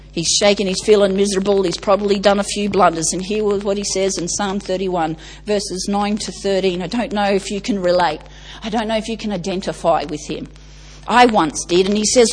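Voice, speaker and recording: A woman's voice: mid-range voice, normal speed, darkish tone, slight background noise, low-quality recording. A woman preacher delivering an emphatic sermon, stacking lists and asking the congregation rhetorical questions.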